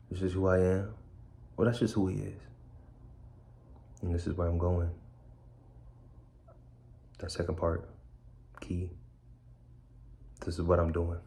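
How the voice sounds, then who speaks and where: A man's voice: sits low, gravelly, mellow. A man speaking bluntly and candidly in a streetwise way, repeating key phrases. He is indoors in a room of a borrowed house. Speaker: speaker sharing his story. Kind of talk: candid personal talk.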